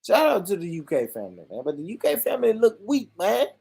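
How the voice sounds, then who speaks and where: A man rants to his viewers in a comic, profane vlog, swinging his voice up and down with big energy. His tone sits a little high and has a husky rasp, and he breaks into laughter often. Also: fast. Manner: animated, swearing, laughing often. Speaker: vlogger. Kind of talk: profane comedic rant.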